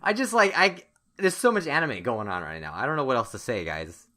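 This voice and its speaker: A man hosting a gaming video, giving excitable let's-play commentary and talking straight to his viewers. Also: medium pitch, fairly quick. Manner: animated, laughing, talks straight to viewers.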